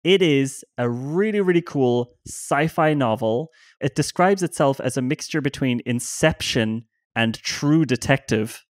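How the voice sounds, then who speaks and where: A man's voice: medium pitch, lively intonation, measured pace, no echo, studio quality. A man with an Irish accent co-hosting a casual podcast chat, eagerly giving book and podcast recommendations. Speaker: podcast co-host.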